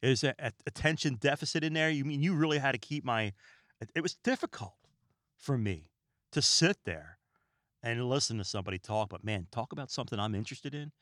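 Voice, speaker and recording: A man hosting a podcast, talking in a calm, relaxed, rambling way and often stumbling over his words, recorded in a small room lined with books. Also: medium pitch, a little fast, no echo, clean studio sound. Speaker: podcast host. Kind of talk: casual podcast monologue.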